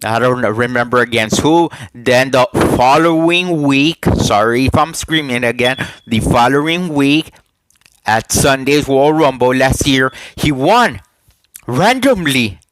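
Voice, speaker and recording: A man recording a casual vlog on a headset, talking in a halting way, repeating himself and asking viewers questions. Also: mid-range voice, animated, a bit bright, poor audio. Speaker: YouTuber giving wrestling predictions.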